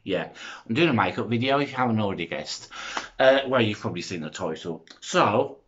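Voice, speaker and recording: Excitable rambling young man. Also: fairly low pitch, brisk, lo-fi sound. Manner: excitable, rambling, self-interrupting. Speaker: makeup vlogger. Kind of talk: chatty makeup review vlog. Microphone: front-facing phone camera.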